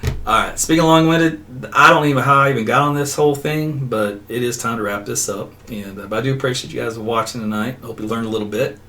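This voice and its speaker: A man's voice: medium pitch, quick pace, bright, forceful tone. A middle-aged man, a meteorologist hosting a casual livestream, who rambles off on tangents and laughs often. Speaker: meteorologist host. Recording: slightly distant mic with faint background noise.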